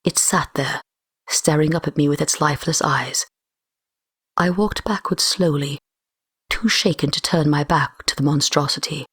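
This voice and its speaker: A woman narrating a first-person fan story in a steady storytelling manner. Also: deep voice, moderate pace, breathy edge, no echo, clean studio sound. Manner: steady storytelling, raising her voice for shouted lines. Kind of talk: first-person fiction reading.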